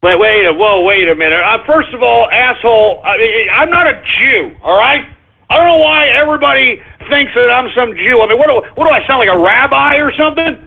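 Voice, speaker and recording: Profane, blustering male talk-radio host, raspy and high-pitched, heard through phone-narrow audio. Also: animated, fairly quick. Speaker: call-in radio show host.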